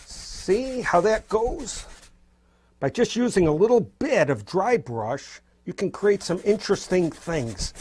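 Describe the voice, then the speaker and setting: During a casual demonstration, a man teaches abstract painting while he paints, offering loose, spontaneous encouragement. He talks slowly in a high voice that swings widely in pitch, and a little hiss or hum is present.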